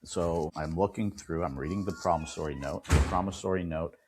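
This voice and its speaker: A man, an attorney and podcast guest, telling a client story with lively quoted dialogue. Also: sits low, brisk, background noise. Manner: animated retelling, acts out quoted dialogue. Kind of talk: storytelling in an interview.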